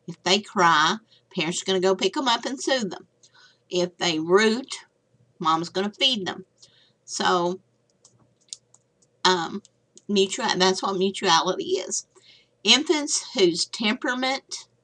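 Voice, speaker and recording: A woman's voice: medium pitch, pushed and bright. An older woman giving a recorded slide lecture as a nursing instructor, chatty with folksy asides.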